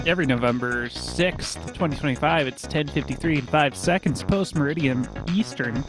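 A man with a slightly raised voice speaks in a flat, deadpan manner, doggedly pressing his complaint on a prank call. Music plays clearly in the background. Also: a little high, moderate pace. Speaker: prank caller. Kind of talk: casual prank call on a live stream.

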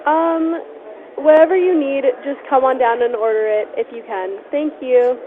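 High-voiced woman on a tinny phone line. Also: moderate pace. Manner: polite, patient. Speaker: cafe worker answering the phone. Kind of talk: phone call.

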